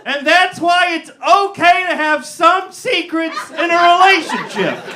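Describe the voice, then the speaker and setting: A man's voice: extremely high pitch, animated, unhurried, background noise. A man performing a stand-up comedy set, telling a story with crowd work and acted-out voices in a comedy theater. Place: comedy theater with live audience.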